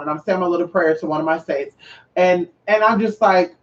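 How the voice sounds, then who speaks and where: A sassy man with a high voice chats to his viewers about his spiritual readings. He swears freely and keeps breaking into loud exclamations. He sounds a little far from the mic, on a dull lo-fi recording. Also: expressive, moderate pace. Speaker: spiritual reader and vlogger. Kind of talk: casual chat to viewers.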